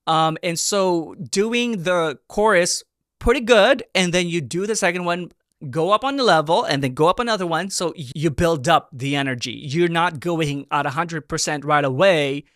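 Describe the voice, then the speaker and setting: A man in his thirties hosting a reaction video, giving casual and animated commentary with excited exclamations. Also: on the high side, moderate pace, no echo, clean studio sound. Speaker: reaction video host, performer.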